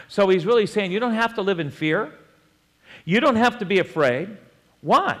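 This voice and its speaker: A man preaching a sermon in a conversational way, with joking asides and chuckles and slow, deliberate scripture reading. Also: sits high, big pitch swings, in a large hall. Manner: reads scripture slowly and deliberately. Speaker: pastor.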